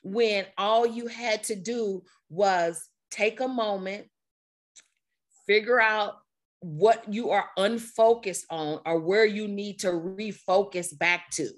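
A woman leads an online group session, her voice slightly strained. She talks in an energetic, conversational way, repeating herself and laughing often, heard through a computer mic. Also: mid-range voice, slow pace. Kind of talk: motivational talk to a group.

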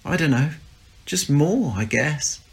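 A man's voice: a little high, animated, slow, vocal fry, pitched above the performer's own voice, full character voice. A man voicing a bored, restless young office worker who craves more from life. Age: young adult. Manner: frustrated, sulky.

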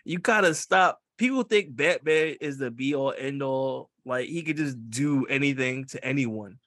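A man in casual, profane chat, animated and quick to laugh. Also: medium pitch, dry recording, clean studio sound. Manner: animated, swears freely, laughs often.

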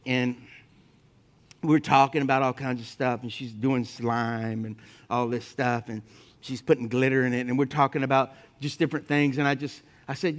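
A man preaching a sermon, telling humorous personal stories to his congregation and swinging between loud emphatic points and quiet asides. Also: mid-range voice, moderate pace. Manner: lively storytelling with humor, speaking to the congregation. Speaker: pastor.

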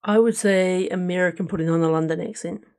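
A man co-hosts a casual podcast reviewing shows, his voice sitting high with a steady, darkish tone and a fairly quick pace. He is easygoing and hedges a lot, peppering his talk with "like" and "kind of."

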